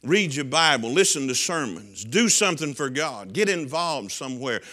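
A middle-aged man preaching a sermon, swinging from loud shouts down to quiet, hushed lines. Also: medium pitch, sing-song, moderate pace. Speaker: pastor.

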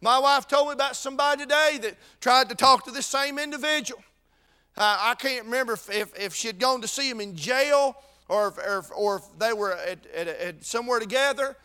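A man preaching a sermon with fervor, going from shouted peaks to quiet intensity and repeating words as he restarts his sentences. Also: extremely high pitch, a little fast, clean tone.

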